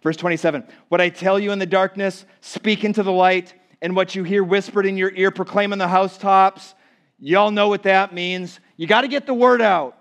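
A man with a high-pitched voice preaches a sermon in a church sanctuary. He swings between loud, emphatic declarations and quiet, hushed asides as he works through the text for his congregation. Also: fairly even intonation, normal speed. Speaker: pastor.

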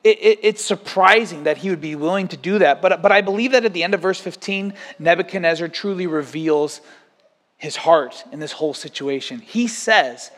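A man preaching a sermon as pastor, lively, acting out quotes and stories. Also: high voice, moderate pace. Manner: animated, acts out quotes and stories.

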